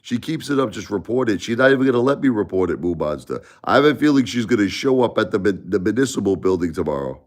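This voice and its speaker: A man's voice: fairly low pitch, expressive, fast talker, few pauses. A middle-aged man, ranting to his live-stream viewers in a repetitive, stammering way. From Brooklyn, New York. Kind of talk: casual live-stream rant.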